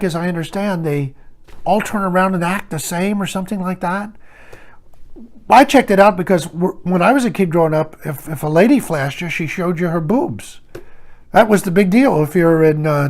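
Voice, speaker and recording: An older man giving a blunt, sarcastic opinion monologue to camera, scoffing at the year's trends. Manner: mocking voices of others in raised pitch. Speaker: commentary vlogger.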